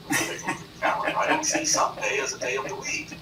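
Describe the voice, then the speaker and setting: Male talk show guest, brash and bragging, higher pitch, very lively delivery; echoey distant studio sound. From North Carolina. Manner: boastful, animated, does quick impressions. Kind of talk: boastful chat. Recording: echoey room, off-mic, noisy.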